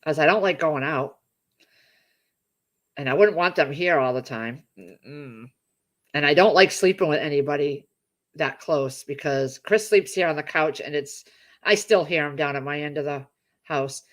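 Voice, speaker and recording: Warm and casual, a middle-aged livestream host chats with her viewers in a low voice at normal speed, leaving long pauses. She reads their comments aloud, gushes over them and rambles from one thought to the next.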